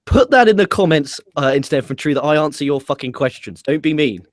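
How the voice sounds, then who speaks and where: A man with a slightly high voice teases his co-host and tells animated, profane stories about wrestling shows. The sound is close and dry, with no room around it. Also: a little fast, no room sound. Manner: profane, teasing, animated storyteller. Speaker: podcast co-host. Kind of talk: casual wrestling review chat.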